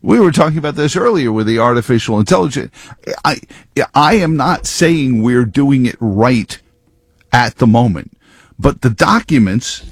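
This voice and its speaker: A man's voice: mid-range voice, expressive, normal speed, slightly rough, dry recording. A man giving rambling, sarcastic political commentary full of wordplay.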